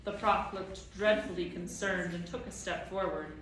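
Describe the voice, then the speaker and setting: A woman teacher reading a novel aloud to her class with steady, plain narration. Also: on the low side, normal speed, slight background noise. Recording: echoey classroom, mic far off.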